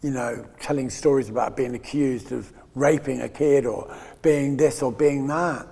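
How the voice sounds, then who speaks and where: A man's voice: medium pitch, fairly even intonation, moderate pace, vocal fry, warm tone, breathy edge, big-room sound. A man in his fifties from England, guest in a candid interview, talking in a rambling, emotional way with frequent laughs and restarts. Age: 50s.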